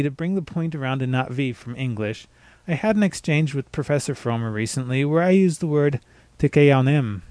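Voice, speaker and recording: A man giving a scripted pronunciation lesson, spelling out words letter by letter and slowly demonstrating the sounds. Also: medium pitch, darkish tone, no room sound. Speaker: language teacher.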